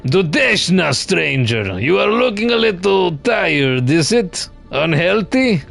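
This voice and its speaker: A man's voice: on the high side, lively intonation, a little slow, soft background music. A man reading game dialogue aloud, voicing a jolly, teasing flea from a traveling caravan in a put-on Russian accent with broken grammar and a hearty mock laugh. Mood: hospitable.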